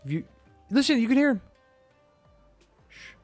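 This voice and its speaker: A man's voice: extremely high pitch, sing-song, moderate pace, faint music behind. A man giving let's-play commentary as he plays, chatty and self-mocking, reacting aloud to the game. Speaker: gaming video creator.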